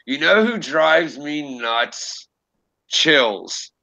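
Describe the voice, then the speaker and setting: In a very slow, fairly high voice with lively intonation, a young man chats on a casual livestream from his room at home. His tone is bright and forceful with vocal fry, and he rambles, swears, and laughs at himself; he streams and narrates creepypasta. It's a low-quality recording.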